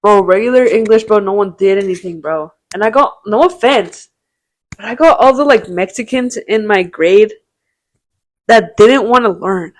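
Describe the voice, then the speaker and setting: A woman's voice: mid-range voice, moderate pace, no echo. A young woman in her twenties, a podcast co-host telling long rambling stories in slangy casual chat, full of "bro" and swearing.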